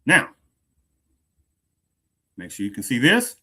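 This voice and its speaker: A man hosting an opinionated commentary show, talking emphatically, repeating phrases and drawing out stressed words, swinging from loud to hushed. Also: medium pitch, wildly swooping pitch, takes it slowly, slightly rough. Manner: emphatic, repeats phrases, asks "do you understand".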